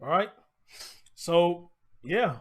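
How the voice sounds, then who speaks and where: Blunt, profane live-stream host, high voice. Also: male voice, expressive, very slow, fairly bright tone, husky. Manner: profane, blunt, rambling storyteller. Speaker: show host. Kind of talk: casual live-stream commentary.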